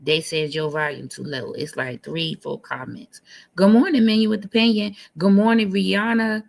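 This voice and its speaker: A woman co-hosting a casual live-stream chat, animated and incredulous, repeating phrases for emphasis. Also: medium pitch, normal speed, creaky.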